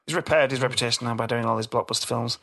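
A man's voice: mid-range voice, fairly even intonation, very fast, gravelly, a bit bright, breathy edge. A man in his thirties co-hosting a casual podcast chat, joking and laughing often. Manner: jokey, laughs often, repeats phrases. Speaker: podcast co-host.

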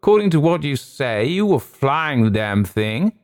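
A man voicing a tipsy older male wing commander who drawls slowly and impatiently in an audiobook reading. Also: mid-range voice, big pitch swings, voice pushed up, lightly acted. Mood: drawling, tipsy. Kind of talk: audiobook character voice.

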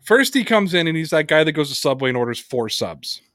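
A man hosting a casual sports podcast. He reads sponsor plugs and tells stories in an animated way, swearing often. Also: a little high, fairly quick, dry recording. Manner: animated storyteller, heavy swearing. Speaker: podcast host.

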